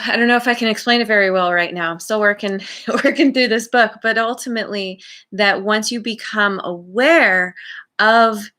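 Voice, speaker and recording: A woman giving a tarot reading for her channel, musing aloud in a slow, rambling way with many restarts. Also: medium pitch, pushed and bright. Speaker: tarot reader.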